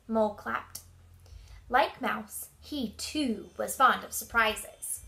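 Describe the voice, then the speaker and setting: A woman reading a children's storybook aloud with expressive, animated delivery. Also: on the high side, slow, creaky. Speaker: storybook reader.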